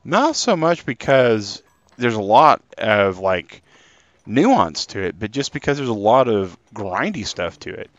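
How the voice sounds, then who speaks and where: Man streamer, casual rambling chat to viewers, low-pitched voice, slightly dull lo-fi mic. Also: big pitch swings, unhurried, no echo. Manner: chatty and rambling, talking to chat. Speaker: streamer playing a game live.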